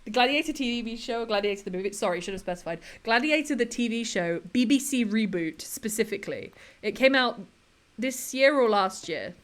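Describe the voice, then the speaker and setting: A woman's voice: mid-range voice, expressive, fairly quick. A woman chatting casually with her live-stream viewers while she plays a building game, giggling often and answering chat between tasks.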